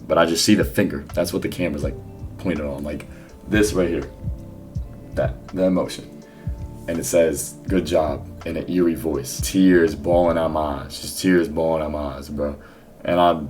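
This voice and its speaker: A man's voice: a bass voice, a little mellow. A young man telling a personal faith story in a loose, rambling way, full of fillers and slang. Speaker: vlogger sharing a faith testimony. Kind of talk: casual spoken testimony.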